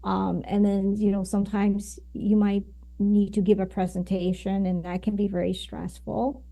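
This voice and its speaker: A woman appearing as a guest communication coach explains ideas in conversation, full of fillers and tag questions. Her medium-pitched voice is warm with vocal fry, shows little pitch movement, and keeps a moderate pace.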